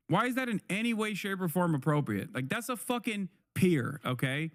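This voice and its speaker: A man's voice: a little high, very animated, fairly quick, hardly any pauses, no echo, clean studio sound. A man streaming live, reacting to a video with heated, profane commentary that often repeats and restarts. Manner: angry, profane ranting.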